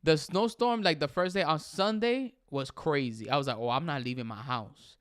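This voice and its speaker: Hosting a relaxed livestream, this young man talks with viewers, reads out their comments, and mixes English with Spanish. His pitch is fairly high and his pace normal, captured in studio quality with no echo.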